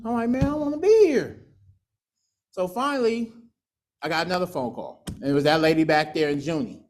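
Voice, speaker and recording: A man's voice: high-pitched, lively intonation, fairly quick, a little mellow, faint music behind. A man sharing his recovery story at a meeting, candid and profane, acting out voices. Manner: candid, profane, storytelling with laughs and acted quotes. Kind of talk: personal testimony at a recovery meeting.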